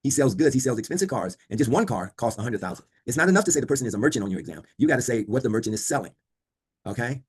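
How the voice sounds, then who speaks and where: Fast, husky-voiced man teaching a law class. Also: mid-range voice, animated. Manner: quizzing students, repeating key points. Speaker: law instructor. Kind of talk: online class lecture. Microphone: video call.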